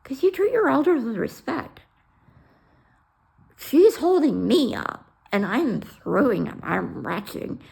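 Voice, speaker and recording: A woman telling an emotional personal story bluntly, swearing and acting out the dialogue with sudden loud outbursts. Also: on the high side, sing-song, slow pace, creaky. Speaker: storyteller sharing her life.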